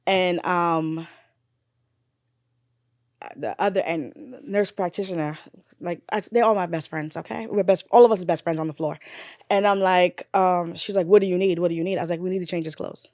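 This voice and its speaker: A woman's voice: on the low side, steady tone, normal speed, no room sound, clean studio sound. A woman, a nurse and bereaved mother, retelling a painful memory in a candid podcast conversation. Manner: candid, swearing, drifts from loud retelling to quiet grief.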